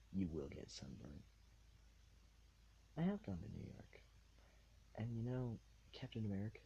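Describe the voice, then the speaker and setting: Low-voiced man rambling on a podcast. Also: creaky, mellow, slight background noise, low-quality recording. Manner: rambling, laid-back, full of fillers. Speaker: podcast host. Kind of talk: rambling solo podcast chat. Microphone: recorded on a tablet.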